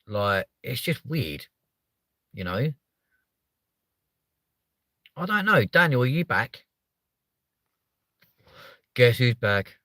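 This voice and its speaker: A man's voice: big pitch swings, very slow, long pauses, bright, forceful tone, dry recording. A man hosting a comedic live stream, rambling and swearing as he jokes with his viewers. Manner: sweary, rambling, jokey, slips into silly high voices.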